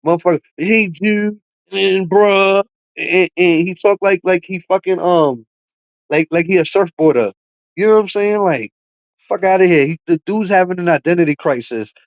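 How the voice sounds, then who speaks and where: A man ranting on his livestream, his voice sitting a little high. He trash-talks and mocks people in a profane, heated way. The sound is dry and close, with no room echo. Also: moderate pace. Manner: trash-talking, profane, mocking. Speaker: livestream host.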